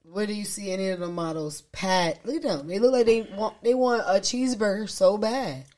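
A woman co-hosting a podcast tells a story in casual chat, speaking at normal speed in a mid-range voice. She's animated and acts out what other people said.

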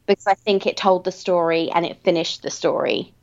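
A woman talking in a measured, reflective way in a casual book chat, stretching out her phrases. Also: on the low side, steady tone, highs cut off.

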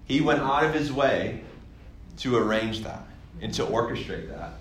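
A young man from Michigan telling a story as a sermon in a church, excited and rambling, with many fillers and restarts. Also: medium pitch, measured pace. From Michigan, USA. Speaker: guest speaker at a church. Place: church hall. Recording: echoey church hall, faint room noise.

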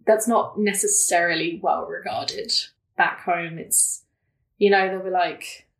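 A woman's voice: lowish voice, steady tone, a little slow, creaky. A young woman telling stories in casual chat as a podcast guest, laughing often and full of fillers. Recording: roomy echo.

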